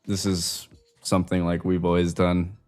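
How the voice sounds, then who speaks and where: A young man from California chatting casually as co-host, slangy and animated, with a lot of "bro" and "like". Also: low-pitched, moderate pace. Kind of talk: casual chat.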